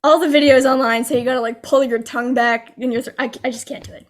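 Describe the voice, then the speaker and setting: A woman's voice: high voice, steady tone, fast. A young woman from New Jersey, chatting expressively as a guest on a video-call interview. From New Jersey, USA. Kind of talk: casual interview chat.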